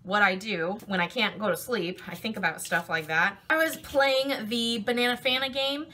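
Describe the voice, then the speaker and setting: A woman's voice: mid-range voice, moderate pace, bright, forceful tone. A woman chatting playfully while cooking in her home kitchen, talking to her food as she goes. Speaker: cooking vlogger. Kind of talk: casual chat while cooking.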